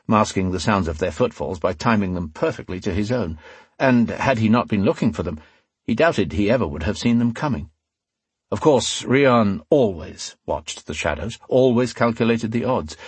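A man narrating a fantasy audiobook in a measured, dramatic storytelling manner. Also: fairly low pitch, husky, no echo.

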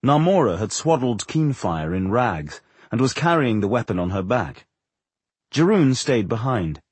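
A man reading a fantasy audiobook in expressive, measured storytelling on a close studio mic. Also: lowish voice, breathy edge, dry recording. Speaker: audiobook narrator. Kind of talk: scripted fantasy narration.

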